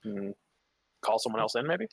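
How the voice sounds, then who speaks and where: A man's voice: lowish voice, very animated, normal speed, gravelly, no echo. Offhand man player at a tabletop game. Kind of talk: casual tabletop game chat.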